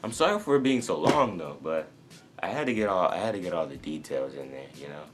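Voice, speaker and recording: A young man tells a long story to camera in a low, deep voice. He rambles, restarting sentences and leaning on fillers as he goes. Faint music plays behind him. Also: animated, a little fast. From North Carolina. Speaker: sneaker vlogger.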